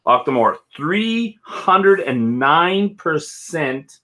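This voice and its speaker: A man's voice: on the high side, very animated, drawn-out words. A man hosting a casual whisky chat at home, rambling and joking with frequent laughs. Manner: rambling, jokey, loud laughs. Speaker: whisky channel host.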